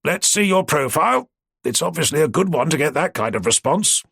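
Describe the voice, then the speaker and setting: A man's voice: on the high side, expressive, fairly quick, gravelly, a bit bright, slightly rough, no room sound, clean studio sound, pitched above the performer's own voice, heavily acted. A man voicing a mischievous older man who teases and splutters with barely held laughter. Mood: teasing.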